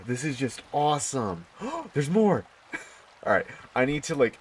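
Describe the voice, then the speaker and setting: A man talking through his gameplay in a casual, chatty way, his pitch swinging up and down as he goes. He gets excitable quickly. A faint hiss of noise sits under the recording. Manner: excitable, bursts into high squeals of delight. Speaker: gaming YouTuber.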